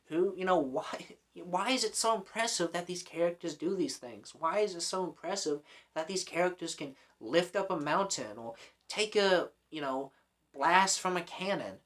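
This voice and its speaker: A man's voice: high voice, expressive, normal speed, a bit bright. Sarcastic, swearing young man ranting. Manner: exasperated, profane, sarcastic. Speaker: host. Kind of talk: ranting commentary vlog.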